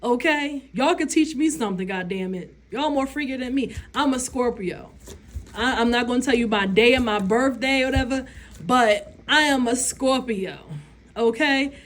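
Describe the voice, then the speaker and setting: A woman's voice: a little high, moderate pace. A woman vlogger, giving blunt, profane opinions in a casual rant and laughing often.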